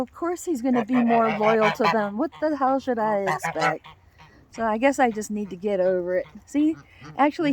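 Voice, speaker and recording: A woman vlogging outdoors among geese, chatting casually and coaxing a goose in a playful sing-song voice. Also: fairly high pitch. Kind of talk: casual vlog narration.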